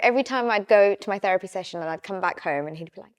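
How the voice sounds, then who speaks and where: A young woman guesting on a podcast races through her stories with few pauses, chatting casually in a medium-pitched voice. She's an animated storyteller who acts out little quoted exchanges.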